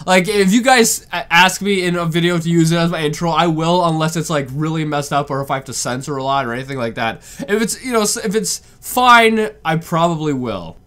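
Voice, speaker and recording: A man hosting a casual reaction video, excitable and laughing often, repeating his exclamations. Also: a little high, a little fast, few pauses. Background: video audio and music playing.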